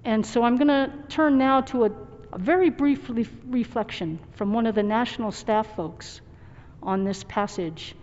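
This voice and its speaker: A woman's voice: fairly high pitch, moderate pace, a little mellow. A woman pastor giving a sermon in an earnest, reflective and personal way. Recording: dull recording with long hall reverb.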